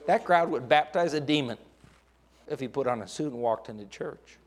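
A man's voice: medium pitch, lively intonation, normal speed. A middle-aged man preaching a sermon as pastor, with dramatic rises and acted-out quotes.

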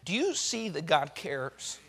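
A male pastor preaching a sermon, swinging from hushed, drawn-out lines to loud, fast bursts as he acts out what God says. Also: on the high side, very animated, slight background noise.

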